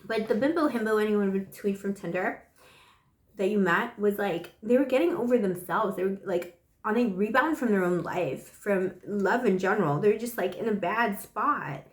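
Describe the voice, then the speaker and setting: Hoarse, chatty woman reading tarot. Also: medium pitch, normal speed, echoey room. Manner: affectionate, chatty, full of pet names. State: hoarse with a dry cough after flu. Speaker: tarot reader. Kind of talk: casual tarot reading monologue.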